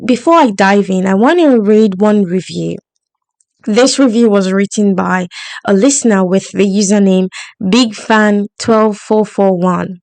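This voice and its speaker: A woman's voice: mid-range voice, darkish tone, no room sound. A woman hosting a solo podcast, coaching her listeners in an encouraging, upbeat tone. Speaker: podcast host and money coach.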